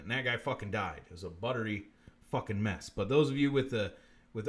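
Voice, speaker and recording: A man hosting a live-stream comedy show, muttering profane bits deadpan and breaking into sudden shouts. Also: fairly low pitch, fairly quick.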